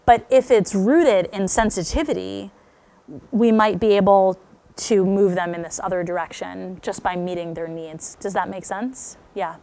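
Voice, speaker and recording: A woman speaking to parents at a school talk, telling stories with lively acted-out quotes. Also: medium pitch, a little slow. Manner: animated storytelling, acts out quoted speech.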